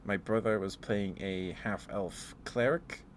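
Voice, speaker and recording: A man in a soft-spoken ASMR ramble, telling meandering stories with fillers and chuckles. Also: lowish voice, slow, a little hiss or hum. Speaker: ASMR streamer.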